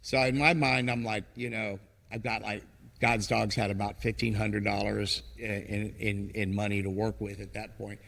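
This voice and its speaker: Man, gravelly voice, rambling storyteller, casual interview, long room reverb. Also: lowish voice, moderate pace. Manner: rambling, animated storyteller who acts out quotes. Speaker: ministry founder, podcast guest.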